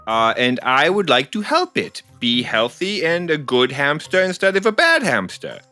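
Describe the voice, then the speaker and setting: A man playing a tabletop game, speaking in and out of character in an animated way. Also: on the high side, normal speed, no echo, soft background music. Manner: animated, laughing often. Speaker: player.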